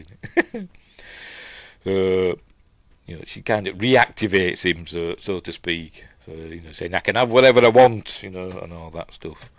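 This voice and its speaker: A man's voice: low voice, no echo. A middle-aged man with a Yorkshire accent hosts a casual film breakdown. He rambles, trails off and restarts while chatting with viewers. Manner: chats with live viewers while watching. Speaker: host.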